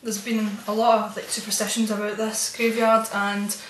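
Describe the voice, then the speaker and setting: Soft background music plays while a woman of medium pitch tells a meandering, spooked story from her own experiences in a casual vlog. She speaks at normal speed in a level tone, chatty and given to soft, spooked asides, with a roomy echo around her.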